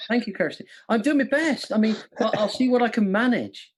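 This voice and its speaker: A man's voice: sits high, fairly quick, breathy edge. A man hosting a live quiz, playful and self-mocking, often laughing at his own jokes. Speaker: quiz host. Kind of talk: live-streamed quiz hosting with jokey impressions. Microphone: studio mic with monitors.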